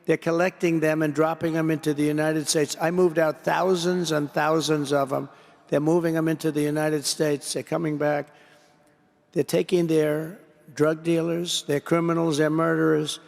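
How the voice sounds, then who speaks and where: A man delivers a rambling political speech from a podium, circling back to the same phrases again and again. His voice sits a little high for a man and has a gravelly, fry-laden edge. A long reverb from a large convention hall trails behind every phrase. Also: flat delivery, moderate pace. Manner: rambling, repetitive, digressive. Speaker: political speaker addressing an association. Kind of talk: rally-style political speech.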